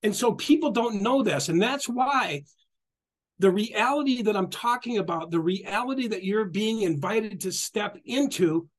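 A middle-aged man with a notably high voice gives a passionate spiritual talk. He is animated and repetitive, acts out the quotes he tells and laughs often. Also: measured pace. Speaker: spiritual guest speaker.

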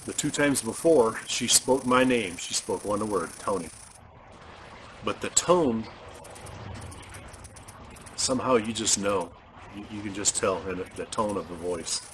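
Deep-voiced man, earnest and halting. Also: slight background noise, poor audio. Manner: earnest, halting, stressing words. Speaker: video host. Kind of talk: religious vlog monologue.

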